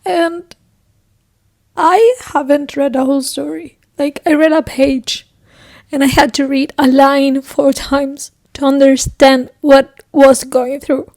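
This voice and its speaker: A woman's voice: sits high, level tone, unhurried, a little mellow, no room sound, clean studio sound. A young woman chatting casually in a reading vlog, rambling and emotional, swearing often and sometimes dropping to a whisper. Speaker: book vlogger.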